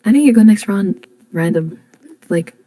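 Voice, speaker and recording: A woman's voice: medium pitch, animated, moderate pace, mellow, no echo, poor audio. A young woman streaming and chatting casually over voice chat, blurting things out and swearing.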